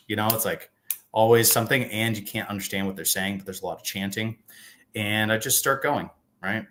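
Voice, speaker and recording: A man in his thirties talks casually as a guest author over a video call. His voice sits low but bright and forceful, and he keeps slipping in self-deprecating jokes. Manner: joking, self-deprecating, chatty. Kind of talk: casual interview chat.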